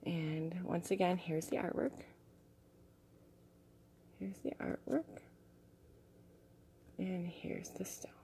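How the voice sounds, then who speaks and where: A young woman vlogging in an excited, gushing way, a little out of breath, sometimes dropping to soft asides. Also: fairly low pitch, takes it slowly, long pauses, a little hiss or hum. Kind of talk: casual unboxing chat.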